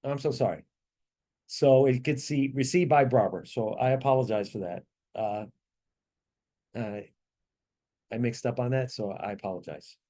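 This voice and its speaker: A man leading a tax training class over a video call, explaining answers step by step with frequent fillers and quick apologies. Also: mid-range voice, dark tone.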